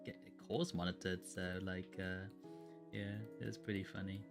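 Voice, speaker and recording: A man's voice: low voice, level tone, normal speed, vocal fry. A man who streams his art, rambling through a story in casual chat with many fillers and restarts. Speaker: streaming artist. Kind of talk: casual chat while drawing. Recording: faint music behind.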